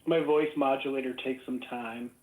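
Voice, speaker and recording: A man's voice: mid-range voice, steady tone, moderate pace. A sarcastic, defensive man argues back in a casual online voice room. His voice carries a roomy echo. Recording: echoey online voice chat.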